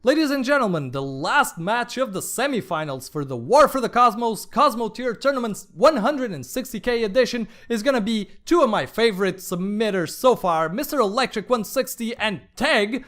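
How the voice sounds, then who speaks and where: A man's voice: sits high, animated, normal speed, few pauses, a bit bright. A man casting a game tournament with chatty play-by-play, wandering into playful asides and exclamations. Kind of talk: live play-by-play commentary.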